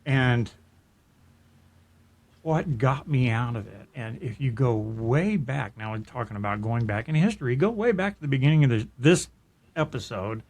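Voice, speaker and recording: Middle-aged male podcast host, earnest and reflective, mid-pitched, casual storytelling. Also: expressive, normal speed, darkish tone. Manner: earnest and reflective, with frequent restarts. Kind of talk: personal storytelling in casual chat.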